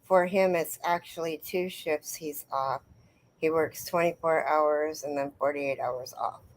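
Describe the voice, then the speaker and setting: A woman's voice: sits low, fairly even intonation, a little slow, low-quality recording. Middle-aged lady rambling on her crochet livestream, talking to viewers by name. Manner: chatty, rambling, talks straight to viewers by name. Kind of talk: casual live chat reading comments.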